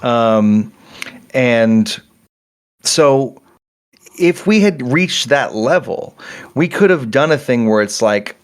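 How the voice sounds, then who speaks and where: A man's voice: medium pitch, animated, slow pace, long pauses. A middle-aged man talking casually as a game developer guest on a podcast, rambling and correcting himself as he tells a story with animation.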